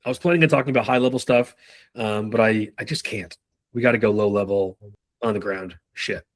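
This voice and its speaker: A man giving a casual sales training talk, swearing freely and acting out pitches and customer replies. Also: no echo. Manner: loose, profane, acts out sales calls in quick role-play.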